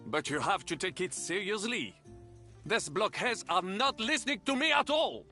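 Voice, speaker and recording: A fussy, theatrical language tutor. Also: male voice, high-pitched, lively intonation, normal speed, sharp tone, faint music behind, heavily acted. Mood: patient, exacting. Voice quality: precise, exasperated tutoring manner. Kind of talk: game voice acting.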